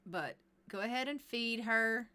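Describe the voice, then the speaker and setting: A woman's voice: fairly high pitch, unhurried, bright, forceful tone, clean tone. A woman streaming a life-simulation game, chatting along and narrating what her characters say. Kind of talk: live gameplay commentary.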